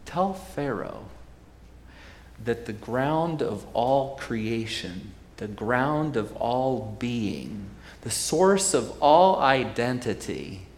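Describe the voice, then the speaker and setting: A man preaching a sermon voices God speaking from a burning bush, hushed, slow and deliberate. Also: mid-range voice, echoey room, in a large hall.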